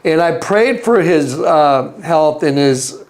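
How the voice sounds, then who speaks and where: A man's voice: a little high, lively intonation, takes it slowly. A man telling a story as an interview guest, wandering between asides and acting out other people's lines in a raised voice. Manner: rambling, with frequent restarts and asides. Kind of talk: casual storytelling.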